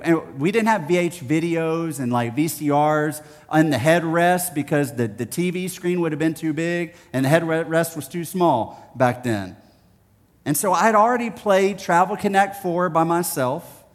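A man from Texas preaching a sermon, telling stories in a playful, animated way. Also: a little high, in a large hall. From Houston, Texas. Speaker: pastor.

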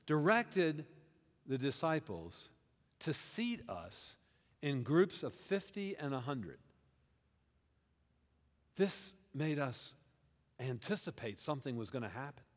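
With a fairly high-pitched voice, a male pastor gives a sermon to his congregation. His animated storytelling recasts a scripture passage in the first-person plural as though the listeners were on the scene, and he poses questions to them. The setting is a church sanctuary with a reverberant hall sound.

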